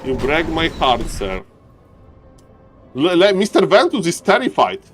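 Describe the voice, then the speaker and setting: A high-voiced man calls a strategy game live with playful, excitable commentary. He jokes about the players and laughs often. Faint music sits low in the background. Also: unhurried. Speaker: game caster.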